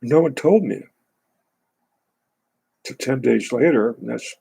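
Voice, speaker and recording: A man's voice: medium pitch, slow, gravelly, dark tone, husky, low-quality recording. A man reading a book aloud, then breaking off into sarcastic, indignant commentary.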